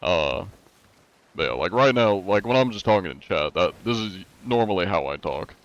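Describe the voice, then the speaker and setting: A man's voice: low-pitched, animated, moderate pace, highs cut off. An American man streaming a game and chatting casually with his viewers in a laid-back, rambling way, full of fillers. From USA. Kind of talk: casual chat with viewers while gaming.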